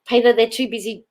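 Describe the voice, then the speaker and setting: A woman's voice: a little high, a bit bright. A woman hosting her channel, reading news articles aloud in casual commentary, often breaking into giggles and chatty asides to viewers. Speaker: channel host.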